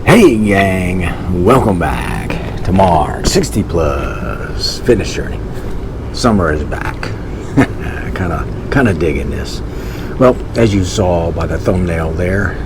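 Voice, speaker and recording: Deep, unhurried man in his sixties. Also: sing-song, background noise. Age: 60s. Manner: folksy and chatty, addresses viewers as gang. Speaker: fitness vlogger. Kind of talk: casual workout vlog chat.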